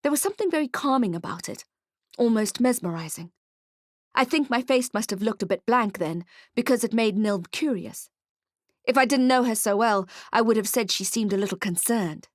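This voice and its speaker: A woman's voice: a little high, lively intonation, normal speed, no echo. Woman reading a detective fantasy audiobook, wry hardboiled narrator, dry close mic. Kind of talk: first-person audiobook narration.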